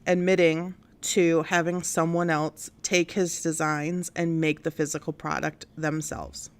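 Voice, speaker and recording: A woman's voice: deep voice, level tone, measured pace. A woman hosting a casual commentary stream, blunt and exasperated, rambling with many fillers. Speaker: host of a news and commentary stream.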